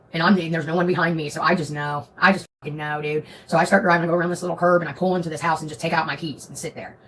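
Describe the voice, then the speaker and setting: A woman telling a story to her stream viewers in a profane, animated way. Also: deep voice, a little hiss or hum, rough recording. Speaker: livestream host.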